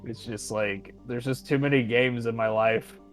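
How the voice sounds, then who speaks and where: A man's voice: medium pitch, fairly even intonation, normal speed, faint music behind. A man talking casually with a friend over a voice call, rambling and repeating himself with frequent laughs.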